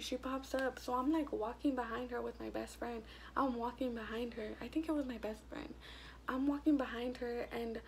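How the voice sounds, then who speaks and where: Profane young woman with a gravelly edge. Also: a little high, slight background noise. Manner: blunt, profane and animated. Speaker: vlogger. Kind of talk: casual storytime.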